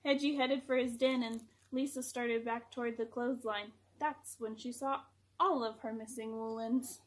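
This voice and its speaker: A woman reading a picture book aloud to children, gentle and expressive. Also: a little high, normal speed, a little hiss or hum.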